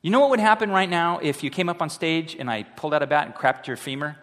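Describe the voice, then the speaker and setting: A man, a high school pastor, preaching a sermon as an animated story, acting out the voices of the people he quotes. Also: quick pace. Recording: long hall reverb.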